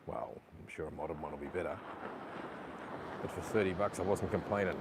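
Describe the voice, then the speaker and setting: A man's voice: low voice, fairly quick. A man, live-streaming by the sea while struggling with his camera gear, frustrated and swearing often at it while apologizing to viewers. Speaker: vlogger. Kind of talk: live vlog while fixing a camera gimbal. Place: outdoors by the sea. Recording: outdoor noise with passing vehicles.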